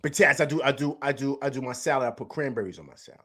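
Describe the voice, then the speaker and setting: Racing along in a sharp, medium-pitched voice, a man hosts a live stream, chatting loosely in slang, repeating himself, and reading viewers' chat messages aloud to answer them.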